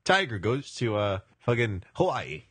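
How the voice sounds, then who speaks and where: A man's voice: on the low side, very animated, measured pace, fairly bright tone, a little hiss or hum. A man co-hosting a casual comedic podcast, rambling through stories and swearing freely. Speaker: podcast co-host.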